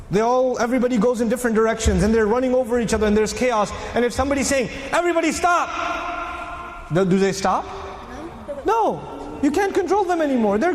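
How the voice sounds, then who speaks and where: A man giving a storytelling religious lecture to a live audience, animated and firing rhetorical questions at the listeners. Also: high voice, roomy sound, big-room sound. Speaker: Islamic lecturer.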